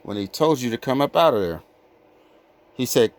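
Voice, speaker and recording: A man giving an informal sermon, reading scripture slowly and with weight, then breaking into blunt, profane street talk. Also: medium pitch, expressive. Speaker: scripture teacher.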